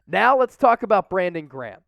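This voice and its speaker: A man's voice: sits high, big pitch swings, a little fast, vocal fry, a bit bright, dry recording, studio quality. A man hosting a sports show, giving upbeat, opinionated commentary and rattling off stats.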